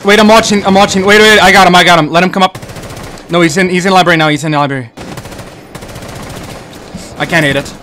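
A young man streaming a shooter game, calling out enemy positions in casual, quick bursts. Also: high voice, steady tone. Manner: quick tactical callouts, bursts of chanted shouting. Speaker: gamer streamer. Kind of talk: casual gaming callouts. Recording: faint background noise.

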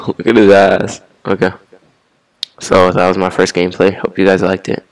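Gravelly young man narrating his gameplay. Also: sits low, completely flat delivery, measured pace, no echo. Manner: swears at enemies, repeats himself, laughs. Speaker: gamer. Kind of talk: casual gameplay commentary.

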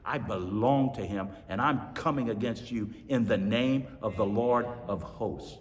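Brief: defiant young shepherd, steady and firm, voiced by a preacher, heard from far off. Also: male voice, lowish voice, a little slow, pitched below the performer's own voice, natural voice. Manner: calm, firm declarations. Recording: echoey hall from far off.

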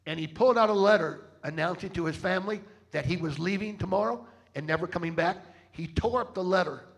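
A man's voice: sits high, a little fast, gravelly. A man preaching a sermon in a church, telling dramatic stories and calling out to the congregation for responses. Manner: dramatic storyteller, rallies the crowd with call-outs. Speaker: travelling preacher. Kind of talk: sermon with storytelling and fundraising appeal. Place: church service.

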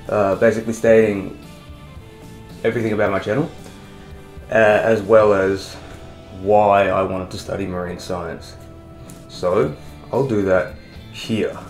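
A young Australian man talks in a chatty, rambling, enthusiastic way while answering viewers' questions in his vlog. His voice sits on the low side. The recording carries a roomy echo. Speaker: marine science vlogger. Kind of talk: casual Q&A vlog. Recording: echoey room.

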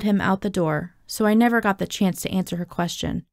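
Gravelly-voiced woman reading a novel. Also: mid-range voice, a little fast, few pauses, dry recording, clean studio sound. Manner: expressive first-person narration. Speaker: audiobook reader.

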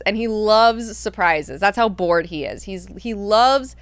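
A woman hosting an online book club, recapping chapters in an animated, enthusiastic way and swearing freely. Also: mid-range voice, unhurried, hardly any pauses, no room sound. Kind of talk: casual book discussion.

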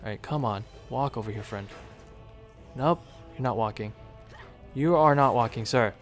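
A man's voice: mid-range voice, moderate pace, soft background music. Chatty man narrating his gameplay. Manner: chatty, talks to the game units, sudden excited outbursts. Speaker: gaming video creator. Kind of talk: casual gameplay commentary.

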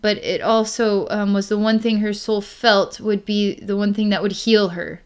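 A woman's voice: mid-range voice, flat delivery, normal speed, smooth. A woman narrating a psychic healing session, rambling with fillers and restarts and breaking into light laughs. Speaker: psychic reader.

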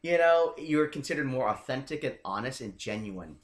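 A man explaining his coaching methods in a loose, chatty interview, tossing in "right?" to keep his listener with him. His voice sits at a middle pitch for a man and carries around a roomy, echoing space. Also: expressive, moderate pace. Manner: chatty, keeps checking in with "right?". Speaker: dating coach guest. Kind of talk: casual interview talk.

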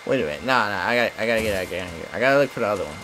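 A man giving let's play commentary, talking to himself, whooping and shouting at the action. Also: on the low side, expressive, racing, background noise. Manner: talks to himself while playing. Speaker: gamer. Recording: game music loud behind voice. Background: video game music and sound effects.

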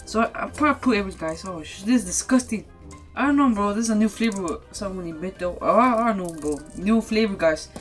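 Rambling casual vlogger woman. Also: medium pitch. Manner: rambling, says guys and bro constantly. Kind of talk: casual DIY food vlog.

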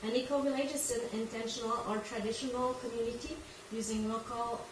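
Woman with a French Canadian accent, halting English, fairly high voice, echoey room, distant mic. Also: steady tone, a loud crowd. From Quebec, Canada. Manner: halting, searching for English words. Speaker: guest presenter. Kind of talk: informal presentation. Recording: echoey room from far off, background noise.

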